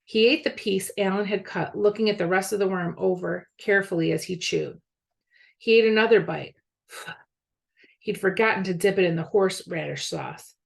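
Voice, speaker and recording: A school media specialist reads a chapter book aloud to students. Her voice has a gravelly grain at a middle pitch. She narrates clearly in a storybook manner. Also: normal speed. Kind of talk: reading a novel aloud.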